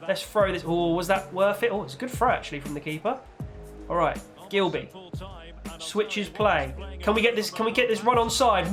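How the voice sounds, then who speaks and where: A young man commentating on his own football video game match, chatty with viewers and bursting into shouts when his team scores. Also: normal speed, faint music behind. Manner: excitable, shouts and leaps in pitch on goals; chatty, talks to viewers as "guys" and "boys". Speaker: gaming YouTuber.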